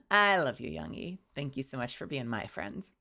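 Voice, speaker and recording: A woman's voice: extremely low pitch, huge pitch swings, normal speed, vocal fry, bright, forceful tone. A young woman streaming casually, bubbly and rambling, often laughing. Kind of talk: casual livestream chat.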